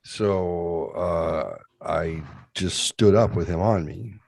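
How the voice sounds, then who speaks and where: A young man on a podcast, telling a profane, rambling story in a casual, animated way. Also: low-pitched, slow, vocal fry. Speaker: podcast host.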